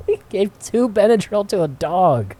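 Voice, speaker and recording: A man co-hosting a podcast, telling profane, animated anecdotes with frequent laughter in casual chat. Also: high voice, takes it slowly, slight background noise. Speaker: podcast co-host. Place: cigar shop.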